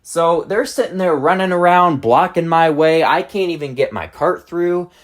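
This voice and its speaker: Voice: mid-range voice, normal speed. A channel host telling a storytime rant in a blunt, exasperated manner with casual profanity.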